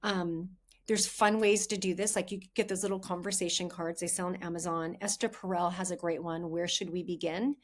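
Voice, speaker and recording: A woman's voice: lowish voice, fairly even intonation, brisk. Chatty woman giving relationship advice. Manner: chatty and candid, addresses listeners as "you guys". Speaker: podcast host, relationship coach. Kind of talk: casual advice monologue.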